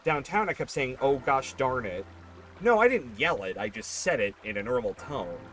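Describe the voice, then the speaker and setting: A man's voice: mid-range voice, big pitch swings, normal speed, fairly bright tone. A man streaming a game while telling rambling, self-correcting stories about work. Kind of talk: casual chat while gaming.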